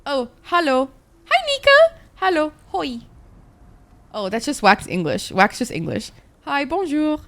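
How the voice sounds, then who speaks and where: A young woman from Egypt, a native Arabic speaker, gives casual, animated gameplay commentary and swears freely. Her voice sits a little high and swoops up and down a lot as she chats with her viewers. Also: a little slow, gravelly. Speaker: streamer.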